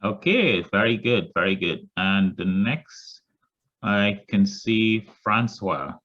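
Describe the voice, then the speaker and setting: A man chairing an online club meeting, switching between English and French, giving brief, easygoing prompts with pauses. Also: fairly low pitch, animated, a bit bright. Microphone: video call. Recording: muffled online call audio.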